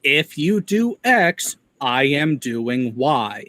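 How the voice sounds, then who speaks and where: A man's voice: mid-range voice, big pitch swings, very slow, fairly bright tone. A man from the Midwest hosting a casual commentary chat, explaining things in a wry, playfully mocking way. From Midwest United States. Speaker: commentary show host.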